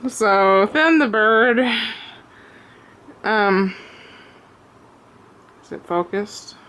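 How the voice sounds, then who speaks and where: Breathless lady showing off her craft project at home, slow and halting, lots of ums. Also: medium pitch, animated, a bit bright, a little hiss or hum. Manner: halting, many ums and pauses. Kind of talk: casual show-and-tell. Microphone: camera on a tripod.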